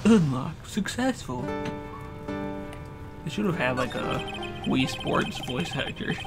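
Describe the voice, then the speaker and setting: A man's voice: mid-range voice, lively intonation, takes it slowly, creaky, pauses often, over music. Man muttering gameplay asides. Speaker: gameplay video host. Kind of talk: quiet aside commentary.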